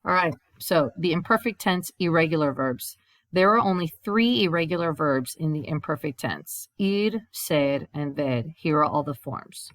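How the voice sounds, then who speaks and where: A woman's voice: low voice, expressive, moderate pace, fairly bright tone, dry recording. A woman teacher recording a grammar lesson over slides, explaining step by step and reading example sentences aloud before translating them. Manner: explains step by step, reads examples in Spanish then English. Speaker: Spanish teacher.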